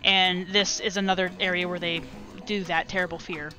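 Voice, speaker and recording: A young woman streaming a video game at night, chatting casually with viewers, laughing often and reacting with animated excitement. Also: on the low side, normal speed, soft background music. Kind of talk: casual gameplay commentary.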